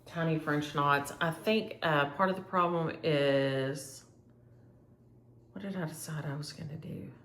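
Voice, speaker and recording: A woman's voice: low voice, echoey room, slight background noise. A woman chatting casually and rambling as she shows her cross-stitch projects to viewers. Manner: chatty, rambling, thinks aloud. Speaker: flosstube host.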